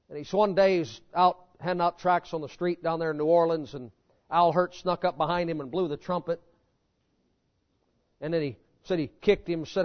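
A man preaching a sermon in a folksy, animated storytelling manner. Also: on the high side, moderate pace. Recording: dull lo-fi sermon recording.

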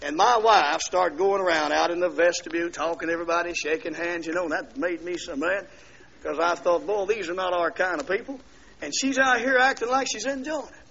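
A man preaching his testimony, telling a story that swings from hushed to shouting. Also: high-pitched, fairly quick, vocal fry, husky. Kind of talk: sermon testimony. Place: church. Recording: dull lo-fi sermon recording.

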